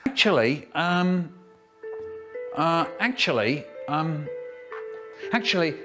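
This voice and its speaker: A man telling a children's story in a spliced comic edit, with drawn-out words and sudden squeaky jumps in pitch. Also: animated, over music.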